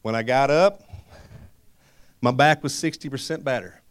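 Laughing preacher telling a story. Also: male voice, mid-range voice, moderate pace. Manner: storytelling with frequent laughter, animated. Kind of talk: sermon testimony.

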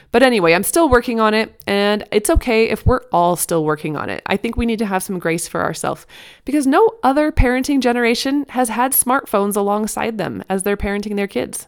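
A woman in her thirties hosting a parenting talk, chatting earnestly with many restarts and fillers. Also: on the high side. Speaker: parenting podcast host. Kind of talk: casual advice talk.

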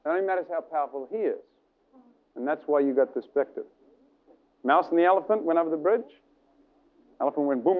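A high-voiced male preacher who delivers a lively, dramatic sermon and acts out scenes with his listeners. The recording is thin and tinny, like an old phone line. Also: a little fast, long pauses.

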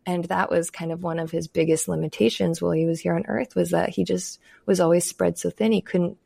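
A woman hosting a podcast, talking in a reflective, unhurried way with frequent "like" fillers. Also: fairly low pitch, little pitch movement, gravelly, warm tone, no echo, studio quality. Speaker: podcast host. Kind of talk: casual podcast conversation.

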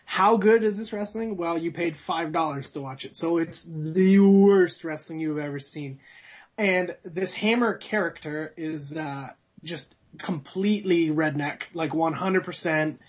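Husky man rambling on a call. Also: a little high, unhurried, lo-fi sound. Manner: rambling, laughing storyteller. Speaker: podcast guest on a video call. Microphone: video call.

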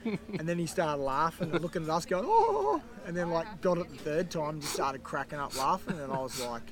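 A man telling a story as a podcast guest, animated and swearing freely. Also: fairly high pitch, fairly quick. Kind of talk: casual storytelling.

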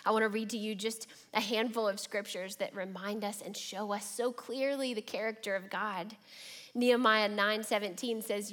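A woman preacher giving a reflective, measured sermon and reading scripture aloud. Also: mid-range voice, fairly even intonation, fairly bright tone.

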